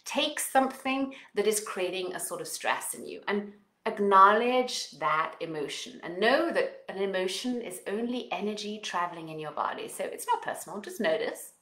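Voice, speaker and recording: A woman with a non-native English accent talking as a parenting coach, guiding listeners through exercises and affirmations in an expressive, coaching manner. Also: mid-range voice, moderate pace, roomy sound. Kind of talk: guided self-help talk with exercises.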